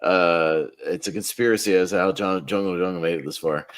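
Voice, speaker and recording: A man's voice: low-pitched, fairly quick, very noisy. A man hosting a casual podcast panel, calling on each panelist to vote and laughing often as he swears in surprise.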